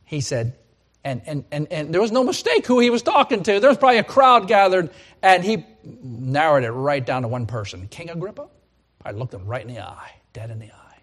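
A man preaching a sermon, swinging from loud emphatic declarations to hushed, almost whispered appeals, repeating his questions for effect. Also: medium pitch, expressive, brisk, husky. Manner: repetitive pleading questions.

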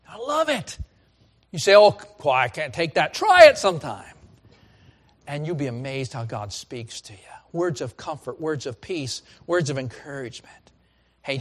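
A middle-aged man delivers a sermon from the pulpit, his voice sitting a little high. He moves between ringing, raised calls and quiet, hushed lines. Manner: dynamic preaching that swings from loud calls to hushed lines. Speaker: pastor.

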